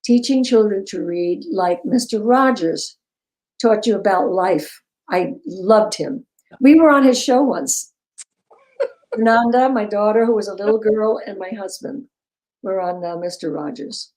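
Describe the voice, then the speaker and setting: An older woman telling stories as an interview guest, animated and quick to laugh. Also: mid-range voice, poor audio. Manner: animated storyteller, breaks into laughter. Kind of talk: casual interview chat.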